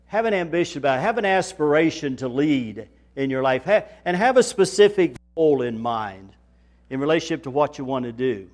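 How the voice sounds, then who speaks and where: A man preaching a sermon in a folksy manner, building to loud, emphatic repetition. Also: fairly high pitch. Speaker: pastor.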